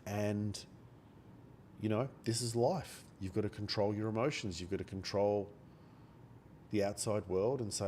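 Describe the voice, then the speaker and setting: A man with a cold, talking quietly and bluntly into a close microphone during a day-trading live stream, swearing now and then. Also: fairly low pitch, fairly even intonation, a little slow, slight background noise. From Australia. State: has a cold. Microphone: microphone held very close.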